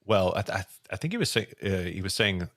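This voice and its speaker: A man hosting a casual news podcast, his voice rough from recent illness, rambling with many restarts. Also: low voice, lively intonation, fast talker, a bit bright, no echo, clean studio sound. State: voice deeper and rough after illness. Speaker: podcast host.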